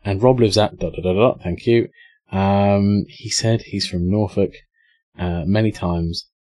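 A man's voice: fairly low pitch, steady tone, a little slow, warm tone, no echo. A young English man streaming a game, chatting casually, swearing and reading out chat. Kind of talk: casual live-stream commentary.

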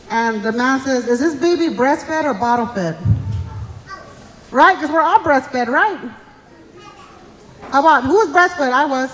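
A woman's voice: high voice, fairly bright tone, slight background noise. A woman telling folksy, teasing stories as emcee and stand-up comedian at a live show. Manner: folksy, chatty, teasing the audience. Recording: live show in a reverberant hall with audience.

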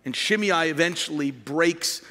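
A male pastor preaching an emphatic sermon in a large church, rising to shouts at his peaks. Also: fairly high pitch, a little slow, big-room sound.

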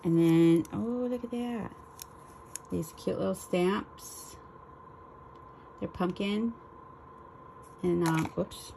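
Crafty lady unboxing swap goodies, gravelly voice, slow, gushy, faint room hiss. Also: on the low side, mellow, poor audio. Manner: gushing, exclaims over each item. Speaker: crafting vlogger. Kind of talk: casual unboxing chat.

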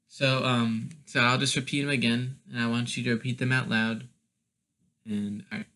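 A man's voice: mid-range voice, level tone, moderate pace, bright, forceful tone. A man teaching a casual language lesson, explaining step by step with a hesitant delivery and many fillers.

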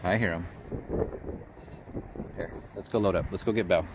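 A man's voice: deep voice, moderate pace, noisy background. A man working as a dog trainer, talking outdoors while he plays with a dog, praising it and explaining its behavior as he goes. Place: outdoors at a park.

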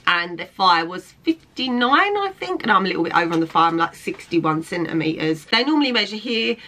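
Bright-toned chatty young woman. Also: fairly low pitch, big pitch swings, fairly quick, low-quality recording. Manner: chatty, filler-heavy, with frequent "like" and restarts. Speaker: fittings model and vlogger. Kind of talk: casual talking-head vlog.

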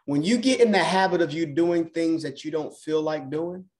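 A man's voice: fairly high pitch, moderate pace, darkish tone. A man coaching on a mindset call, talking emphatically and repeating key phrases for effect. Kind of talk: motivational call talk.

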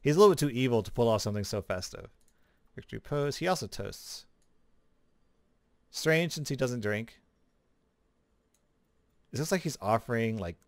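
A man giving casual, chatty commentary as a gaming video creator, relaxed, with small laughs. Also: medium pitch, no echo. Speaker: gaming YouTuber. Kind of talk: casual commentary over gameplay.

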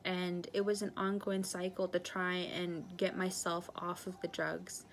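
A woman of about 30 from northern British Columbia, Canada, recounting her own story in earnest, confessional testimony. Her voice sits low and moves very little in pitch. She speaks haltingly, pausing often and filling the gaps with small fillers. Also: level tone, a little hiss or hum. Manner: halting, with frequent pauses and fillers. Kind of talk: personal recovery testimony.

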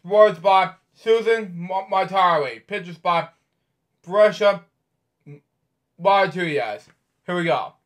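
Halting, higher-voiced man reading aloud. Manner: halting reading with stumbles and offhand commentary. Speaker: host. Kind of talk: reading a picture book aloud with casual asides.

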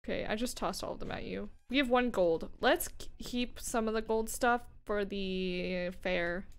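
A woman's voice: medium pitch, moderate pace, smooth. Young woman rambling on a stream. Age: young adult. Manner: rambling, self-interrupting, swears casually. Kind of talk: casual chat while gaming.

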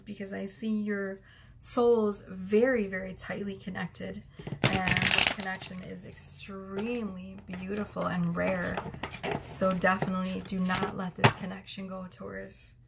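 A woman's voice: mid-range voice, creaky, heavy background noise. A young woman giving a casual tarot reading, effusive and emotional as she reads out cards. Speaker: tarot reader.

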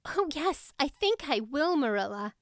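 A woman voicing a spirited, imaginative teenage girl who speaks in an earnest, expressive way. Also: on the high side, measured pace, clear, resonant tone, no echo, studio quality. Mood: earnest, hopeful.

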